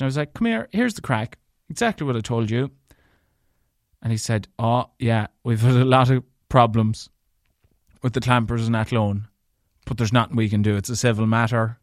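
An Irish man hosts a podcast alone and tells a story of his own. He is animated and angry and swears freely, at a middling pitch. The sound is dry and close, with no room around it. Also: dry recording. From Ireland. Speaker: podcast host. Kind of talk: solo storytelling rant.

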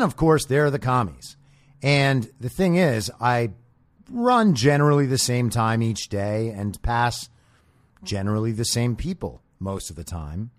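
Male commentary host, blunt and sarcastic, unhurried delivery, dry sound. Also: mid-range voice, dry recording. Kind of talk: political commentary monologue.

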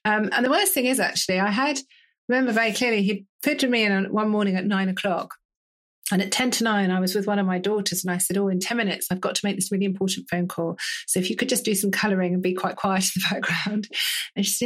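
A British woman in her forties, a doctor giving an interview, telling her story in a lively way and often laughing. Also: medium pitch, fast. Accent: British English. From United Kingdom. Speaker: interview guest, GP and menopause specialist. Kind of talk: casual interview conversation.

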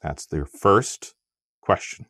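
A man co-hosting a podcast in casual chat, animated, with plenty of fillers and restarts. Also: slow pace, no echo, studio quality. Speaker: podcast co-host.

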